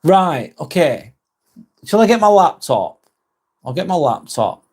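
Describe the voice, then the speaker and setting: A man's voice: a little high, very animated, measured pace, a little mellow, husky. A man hosting a casual live stream on his phone, reading out viewer comments with dry jokes and casual swearing.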